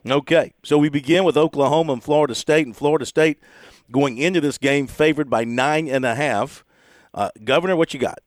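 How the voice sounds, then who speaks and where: A man's voice: on the high side, fairly quick, no echo, clean studio sound. Jovial man hosting a sports radio show. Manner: jovial, laughs often while reading spreads. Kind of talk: casual radio chat.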